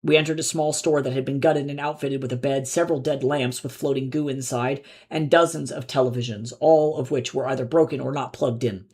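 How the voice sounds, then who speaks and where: A man, the author, reading his own novel aloud live in measured, low-key narration. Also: steady tone, darkish tone, husky.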